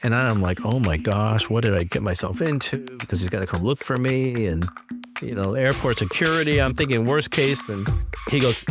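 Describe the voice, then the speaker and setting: A man's voice: medium pitch, moderate pace. A man casually telling a personal story and acting out the dialogue. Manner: animated, acts out quoted dialogue. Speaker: storyteller guest. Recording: music bed behind. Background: music.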